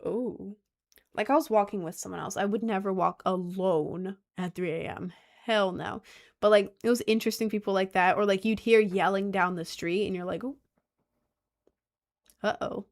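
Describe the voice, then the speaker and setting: A woman's voice: mid-range voice, fairly even intonation, brisk. Rambling young woman streamer. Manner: rambling, filler-heavy, lots of "like". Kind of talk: casual chat.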